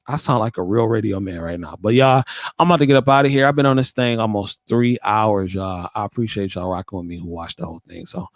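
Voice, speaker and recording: A man's voice: fairly low pitch, quick pace, no echo. A man hosting a casual talk show, laid-back and chatty, often repeating himself as he signs off. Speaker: podcast host.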